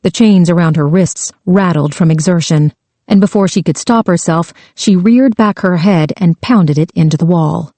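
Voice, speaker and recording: Warm low-voiced woman narrating an audiobook. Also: normal speed.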